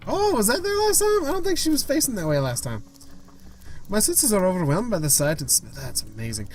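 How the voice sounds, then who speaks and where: Lively man reading a story game aloud. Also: fairly high pitch, a little hiss or hum. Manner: reads with stumbles, restarts and side comments. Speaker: gaming video host.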